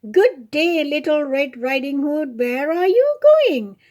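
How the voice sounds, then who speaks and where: A woman's voice: high voice, sing-song, takes it slowly, warm tone, exaggerated voice. A woman voicing a cruel, greedy male wolf in a read-aloud fairy tale, speaking in a sweet, coaxing tone.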